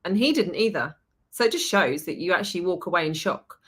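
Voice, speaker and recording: A woman hosting a podcast, telling a story in a lively, chatty way, swearing and acting out what people said. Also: on the low side, brisk, slightly rough. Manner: animated storytelling, swears, acts out quotes. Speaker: podcast host. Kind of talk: casual chat.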